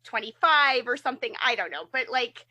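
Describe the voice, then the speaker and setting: Woman cohost on a podcast, kinda high and bright, rambly upbeat chat. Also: expressive, brisk, dull audio. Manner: rambling, upbeat, lots of fillers. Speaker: podcast co-host. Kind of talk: casual chat.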